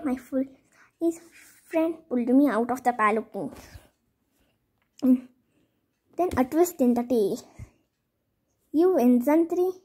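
A woman narrating a homemade story and acting out all its characters, with an animated manner and frequent restarts. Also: high voice, breathy edge.

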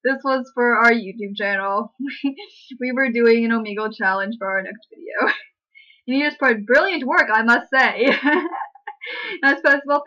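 A woman's voice: fairly high pitch, bright, forceful tone, rough recording. A young woman on a video channel casually recounting an online prank, reading out chat messages with frequent giggles.

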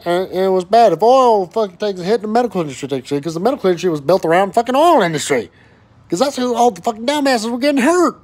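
A fired-up man in his thirties rants to camera, his voice pitched high for a man. He swears constantly, doubles back and restarts his words, and keeps the heat of a worker venting. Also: expressive, quick pace, a little mellow. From West Texas. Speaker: oil and gas worker vlogger. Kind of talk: angry profane rant to camera.

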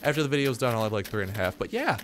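A man's voice: mid-range voice, very animated, rapid-fire, fairly bright tone, a little hiss or hum. A young man giving rambling, self-mocking commentary while playing a survival game. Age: young adult. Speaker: gaming YouTuber. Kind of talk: casual let's-play commentary.

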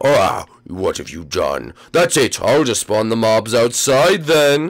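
A man's voice: on the low side, sing-song, slow, hardly any pauses. A man playing along in a game role-play, laid-back and a little hesitant.

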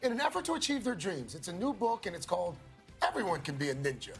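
A man's voice: high-pitched, sing-song, fast talker, vocal fry, fairly bright tone, faint music behind. A man co-hosting a morning TV show, introducing the guest in an easygoing way. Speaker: TV co-host. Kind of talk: morning TV interview.

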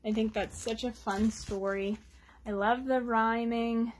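A woman reading picture books aloud to children, expressive and asking them little questions. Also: a little high, unhurried, slight background noise. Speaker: children's storytime reader.

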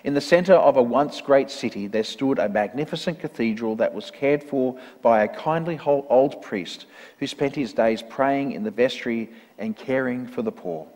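A man's voice: mid-range voice, darkish tone. Man reading a parable. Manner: measured, earnest storytelling. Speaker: reader in a church service. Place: church. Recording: long church reverb.

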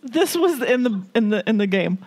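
A woman's voice: on the high side, sing-song, normal speed, a little mellow. A woman co-hosting a podcast in casual chat, mostly giving short reactions and brief questions. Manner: short reactions, laughs often. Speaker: podcast co-host.

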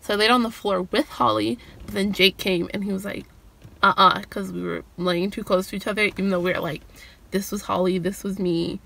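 A woman's voice: steady tone, brisk, creaky, sharp tone. A young woman telling a storytime vlog, chatty and full of "like", acting out the quotes with a lifted voice. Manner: chatty, fillers like "like", acts out quotes in a higher voice. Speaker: vlogger.

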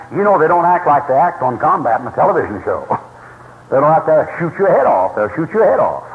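An older man preaching an emphatic, repetitive sermon full of storytelling. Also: fairly high pitch. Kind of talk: fiery sermon. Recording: tinny lo-fi tape with long hall reverb.

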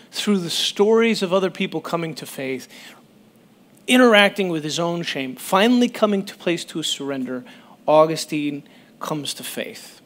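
A male pastor delivers a sermon in a conversational, animated way, with a voice that's a little high. He often stops mid-sentence and starts over.

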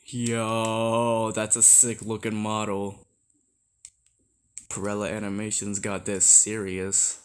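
A man hosting a casual video reaction, excitable and exclaiming at what he watches. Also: lowish voice, takes it slowly, smooth. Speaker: YouTube reaction host.

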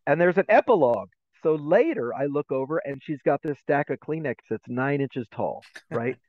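A middle-aged man joins a podcast interview as a guest educator, telling stories with animated energy and slipping into the voices of people in them. His sound comes through a narrow, phone-like remote line, dry and close with no room around it. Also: a little high, normal speed, no echo.

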